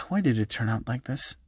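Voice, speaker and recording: A man's voice: mid-range voice, lively intonation, measured pace, sharp tone, husky, dry recording, clean studio sound, exaggerated voice. A man voicing a stern, bossy older grandmother who scolds bluntly, in a fan-made story reading.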